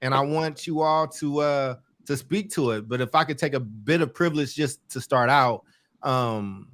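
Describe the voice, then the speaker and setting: A man hosting a podcast in casual chat, warm and effusive, often repeating and stumbling over words. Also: mid-range voice, normal speed. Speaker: podcast host.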